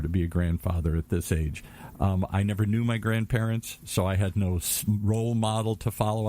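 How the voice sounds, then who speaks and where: An older man, a grandfather, chatting casually on a talk radio show, jovial and quick to laugh. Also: lowish voice, a little mellow. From Irish heritage. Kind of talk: casual chat.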